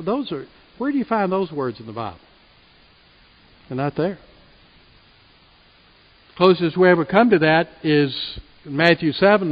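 A man preaches a sermon in a church sanctuary, his fairly high voice pressing earnestly and swelling on key points. The sound is muffled and carries a long hall reverb. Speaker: pastor.

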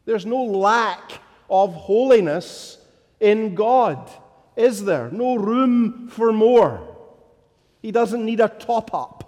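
Man preaching slow and deliberate, gets loud and emphatic on the big lines, big echoey church. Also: high-pitched, expressive. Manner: deliberate, rising to emphatic declarations. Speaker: pastor. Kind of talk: sermon.

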